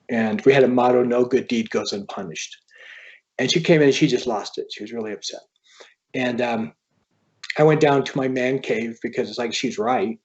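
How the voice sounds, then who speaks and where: An author telling a personal story as a podcast guest, in an earnest, halting way. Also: male voice, medium pitch, muffled recording. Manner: earnest, halting, quoting others as he tells a story.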